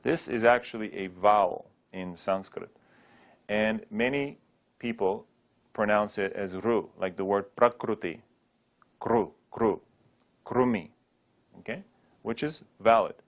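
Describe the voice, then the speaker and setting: A man with a lowish voice leads a pronunciation lesson at an unhurried, deliberate pace. He says each word carefully and repeats it so listeners can copy him, and drops in a light joke now and then. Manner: drills words slowly, repeating each one for the listener to copy; light asides and jokes between drills. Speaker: Sanskrit teacher. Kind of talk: slow spoken pronunciation lesson.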